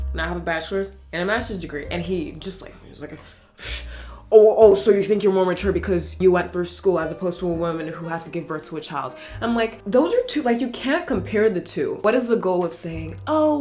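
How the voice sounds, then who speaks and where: A woman in her twenties chatting casually while getting ready, telling stories with sarcastic asides. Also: lowish voice. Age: 20s. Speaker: vlogger. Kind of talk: casual get-ready-with-me chat.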